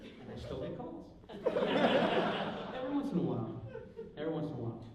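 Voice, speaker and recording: High-voiced man on a convention stage. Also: fast talker, dull audio. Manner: animated, acts out other people's lines in raised voices. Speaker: panel speaker. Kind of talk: storytelling to a live audience. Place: large convention hall. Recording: echoey hall from far off, crowd noise. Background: audience laughter.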